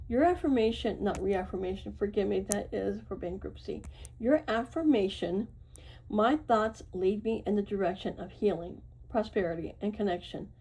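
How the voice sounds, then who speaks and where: A woman's voice: mid-range voice, a little mellow, a little hiss or hum, low-quality recording. A woman giving a casual tarot reading to her viewers, reassuring and chatty, often checking in with "right?" and "okay?". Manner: loose and chatty, with fillers and self-corrections. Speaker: tarot reader.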